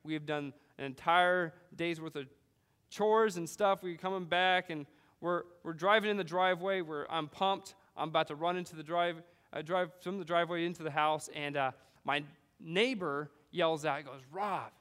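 A man from California preaching a sermon, animated storytelling with frequent "right?" asides. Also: a little high, moderate pace, clear, resonant tone, in a large hall. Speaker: pastor.

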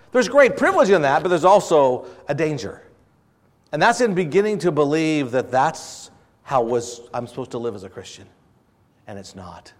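A high-voiced man delivers a sermon as if talking with friends. He poses questions to the congregation and acts out small scenes from everyday life. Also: a bit bright. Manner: conversational preaching with rhetorical questions and acted-out dialogue. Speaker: pastor.

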